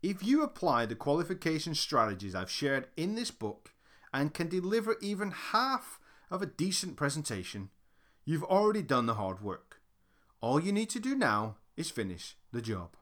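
A man's voice: fairly high pitch, sing-song, moderate pace, fairly bright tone. A man reading his own sales book aloud as instructional narration, emphatic and direct like a coach.

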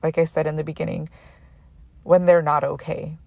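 A woman's voice: low voice, little pitch movement, normal speed, vocal fry, a little mellow, dry recording. A woman hosting a personal faith podcast, talking earnestly and emotionally and often restarting her sentences. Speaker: podcast host.

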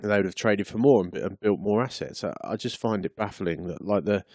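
A man's voice: on the low side, a little fast, a little mellow, no room sound, clean studio sound. A man co-hosting a casual sports podcast, blunt and rambling, often restarting his sentences. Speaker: podcast co-host.

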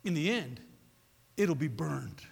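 A man preaching a sermon as pastor, swinging between loud peaks and low murmurs. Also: animated, slow pace, creaky, slightly rough, long reverb tail. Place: church.

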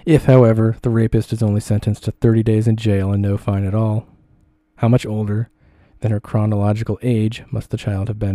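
A man reading a second-person essay aloud in a measured, deliberate way. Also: on the low side, mellow, dry recording.

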